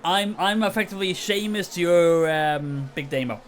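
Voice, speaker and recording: A man's voice: sits high, normal speed, a little hiss or hum. A tired Northern Irish man chatting casually on a late-night live stream, rambling and self-mocking with frequent chuckles. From Northern Ireland.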